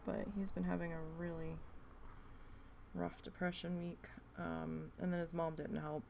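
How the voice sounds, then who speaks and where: Jersey girl, low-ish voice with a bit of fry, chatty and rambly, just talking while she crafts. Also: little pitch movement, a little slow, a little hiss or hum. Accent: New Jersey. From New Jersey. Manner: rambling, chatty, thinking out loud. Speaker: craft vlogger. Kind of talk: casual chat while crafting.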